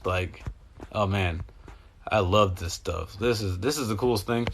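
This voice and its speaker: A man's voice: fairly low pitch, a little slow, slight background noise. A man talking in a meandering, profane, emotional stream of consciousness, in a casual spiritual monologue. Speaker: host.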